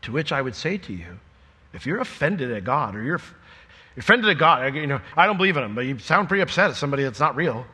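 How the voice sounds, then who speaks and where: Middle-aged preacher guy, husky but bright voice, jokey sermon bouncing in a big echoey hall. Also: medium pitch, quick pace. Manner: animated, jokey, acts out imagined dialogue.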